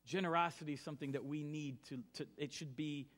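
A middle-aged man preaching from the pulpit in a fairly high voice. He talks like he is telling stories to friends, dropping to quiet asides and then pressing hard on key lines. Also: fairly even intonation, fast. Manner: conversational storytelling, swings from soft to emphatic. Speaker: pastor. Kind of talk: sermon.

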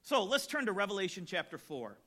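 A man preaching a sermon from a church stage, telling jokes and stories in an expressive way. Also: sits high, fairly quick. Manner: storytelling, tells jokes from the pulpit, expressive. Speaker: pastor.

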